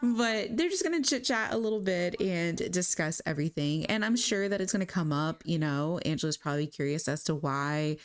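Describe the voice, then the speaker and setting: A chatty woman tells a family story as she plays a life-sim game, in an animated way with plenty of fillers. Her voice sits a little low. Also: brisk, hardly any pauses. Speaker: gaming creator.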